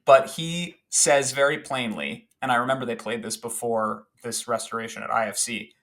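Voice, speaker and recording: Podcast guest, male, mid-range voice, talks in an excited, rambling stream full of fillers. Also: medium pitch, moderate pace. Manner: animated, rambling with fillers and restarts. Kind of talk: casual chat recounting a favorite film scene.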